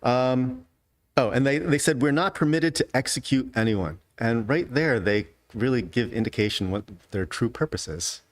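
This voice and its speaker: A man's voice: mid-range voice, expressive, normal speed, no echo. A man teaching an adult Sunday school class in a conversational way, often checking in with his listeners with a rhetorical question. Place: church classroom.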